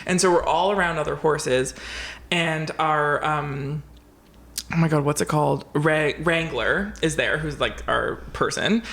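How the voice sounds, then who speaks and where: A woman co-hosting a podcast, telling a story in a casual, animated way, acting out quotes and swearing freely. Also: low voice, a little slow, gravelly. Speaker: podcast co-host. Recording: roomy echo.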